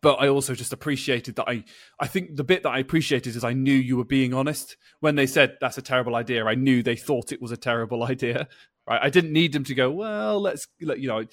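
A man's voice: medium pitch, a little fast, no echo, studio quality. Chatty man hosting a podcast. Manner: chatty storyteller who acts out quoted dialogue. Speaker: podcast host. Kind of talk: casual podcast chat.

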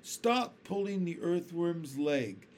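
A prim, kindly lady ladybug, as a man reading a storybook puts her on. Her voice rises high and swings lively. The reading pace is slow. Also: slight background noise, full character voice. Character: kindly female giant ladybug.

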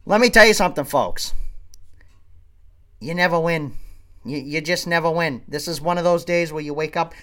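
A man's voice: on the high side, fairly bright tone, clean tone. A man from Maine doing a profane comedic rant, exasperated and swearing, often repeating himself. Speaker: comedic storyteller.

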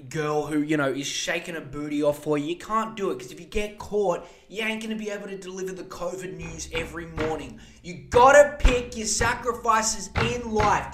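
A man's voice: sits high, a bit bright, a little hiss or hum. A man, hosting a podcast with a profane, sarcastic comedic rant. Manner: sarcastic, mocking, slips into impressions. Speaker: podcast host.

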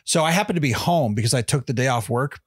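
A man's voice: medium pitch, lively intonation, fast talker, husky, no room sound, clean studio sound. A man co-hosting a podcast, swearing often and telling stories in casual chat. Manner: profane storyteller, acts out quotes in raised voices. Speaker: podcast co-host.

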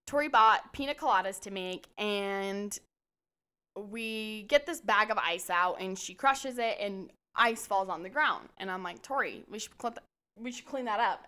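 A woman's voice: mid-range voice, bright, forceful tone. A young woman co-hosting a podcast, telling blunt, self-mocking stories in casual chat and swearing freely. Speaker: podcast co-host.

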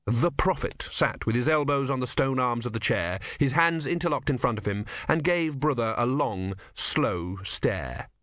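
A man narrating an audiobook with expressive storytelling. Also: medium pitch, moderate pace, few pauses, dry recording, studio quality. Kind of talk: scripted narration.

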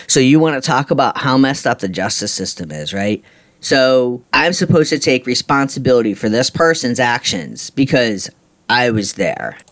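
A man's voice: medium pitch, animated, normal speed, fairly bright tone. A middle-aged man hosting a podcast, telling a personal story in a blunt, frustrated, ranting way with casual swearing. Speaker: podcast host.

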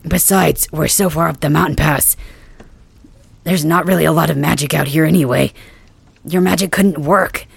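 A performer voicing a stubborn, wounded young male dragon king in an ASMR role-play, gruff and brusque, swearing through the pain. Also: mid-range voice, fairly even intonation, normal speed, long pauses, no room sound.

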